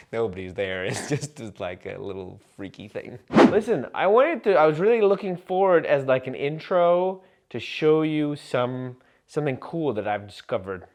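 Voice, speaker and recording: A man vlogging to camera in a rambling, absurd comic monologue full of fillers and deadpan jokes. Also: mid-range voice, unhurried.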